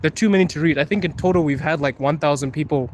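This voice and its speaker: A man's voice: on the high side, fast, a little hiss or hum. Laughing, chatty young Zimbabwean man outdoors. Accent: American-leaning English. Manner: chatty, laughs often, playful. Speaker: livestream host. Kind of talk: casual livestream chat reading comments. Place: outdoors on a city street at night.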